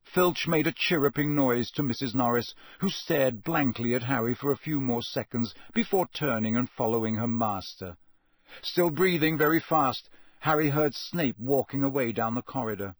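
A man giving scripted audiobook narration in a measured, steady storytelling delivery. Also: medium pitch, dry recording.

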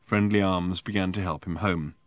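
A man reading an audiobook in measured, dry narration. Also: low voice, fairly even intonation, dry recording. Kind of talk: scripted narration.

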